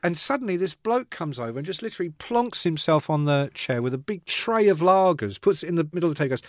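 A man in his sixties, a guest telling stories in casual chat, animated and swearing, acting out voices. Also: fairly high pitch, quick pace, hardly any pauses, no echo, clean studio sound.

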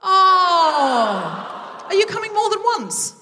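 A woman works the crowd from a theatre stage, teasing and chatty, with quick asides. Her voice sits mid-range and rings out into a hall with a long tail of reverb. Faint room noise sits under her. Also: very high voice, sing-song. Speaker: comedy podcast host. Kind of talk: live stand-up crowd work. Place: theatre stage before a live audience.

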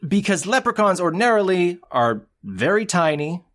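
A man's voice: high-pitched, big pitch swings, normal speed, a bit bright. A man co-hosting a podcast in casual chat, recapping a plot in a heated, ranting way. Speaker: podcast co-host.

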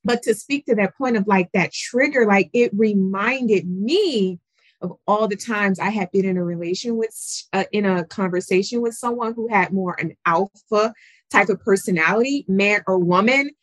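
A woman on a group video call, telling a personal story in an animated way. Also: medium pitch, moderate pace, no room sound. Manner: animated storyteller, acts out voices. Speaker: call participant. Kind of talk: casual group chat.

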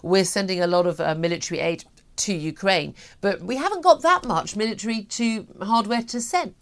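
A woman's voice: mid-range voice, normal speed. A woman hosting a morning radio talk show, chatty and opinionated, with many fillers. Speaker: radio host.

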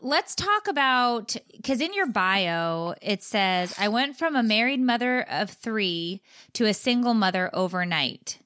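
A woman hosting a podcast. Her voice is bright and forward, at a middle pitch, and the sound is dry and close. She guides the conversation with an easy manner. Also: big pitch swings, unhurried, no echo. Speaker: podcast host. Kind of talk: podcast interview.

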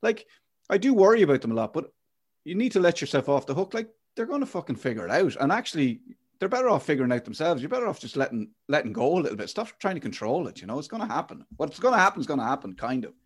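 Reflective Irish podcast host. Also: male voice, on the high side, sing-song, quick pace. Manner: reflective and frank, casual swearing. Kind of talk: candid podcast chat.

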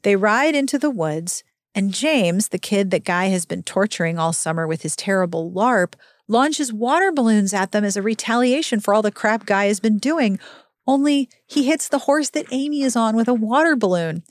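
A woman hosting a casual book-recap show, talking in a wry, exasperated way with sudden jumps in pitch. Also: expressive, moderate pace, no echo, studio quality. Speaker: podcast host recapping a book.

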